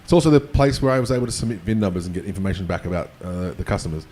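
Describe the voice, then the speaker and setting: A man's voice: low-pitched, rapid-fire, darkish tone. A man with a non-American accent, speaking casually on a conference panel and telling offhand anecdotes.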